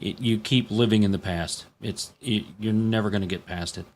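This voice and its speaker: A male guest chatting in an easygoing, unhurried way. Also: fairly low pitch, darkish tone. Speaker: guest co-host. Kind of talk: casual chat.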